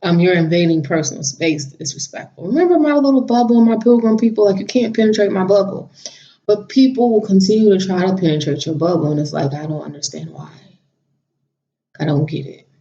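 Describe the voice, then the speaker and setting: A woman tells a personal story to her camera in a loose, chatty vlog style, laughing along as she talks. Her voice sits at an everyday middle pitch. The recording is a bit dull and lo-fi. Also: fairly quick. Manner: chatty, animated, laughs while telling stories. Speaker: vlogger. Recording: slightly dull lo-fi audio.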